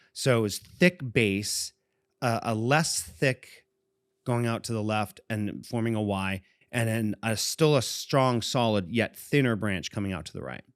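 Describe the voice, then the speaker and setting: A lowish-voiced man from Boston in his forties co-hosts a podcast, telling a long, meandering personal story and chuckling often. The studio-quality recording has no echo.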